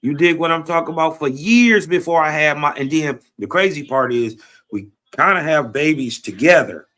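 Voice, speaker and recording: A man with a Southern US accent, a grieving guest on a livestream, talking slowly and reflectively. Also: on the high side, expressive, pushed and bright. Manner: slow, reflective, grieving father. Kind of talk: emotional livestream talk.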